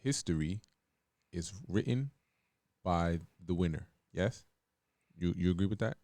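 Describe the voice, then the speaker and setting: A man co-hosting a podcast, making his points calmly and steering the talk with leading questions. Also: sits low. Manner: calm, measured, asks leading questions. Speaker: podcast co-host. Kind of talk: casual debate.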